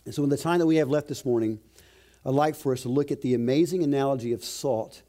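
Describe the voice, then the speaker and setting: A male pastor with a mellow, darker voice delivers an emphatic sermon. He stresses key phrases by slowing down and raising his pitch.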